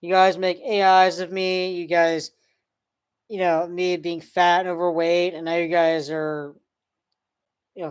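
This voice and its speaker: A man's voice: on the high side, smooth. A man on a livestream answering trolls, sarcastic and mocking with fake dismay. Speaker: streamer answering online trolls. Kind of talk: casual livestream talk.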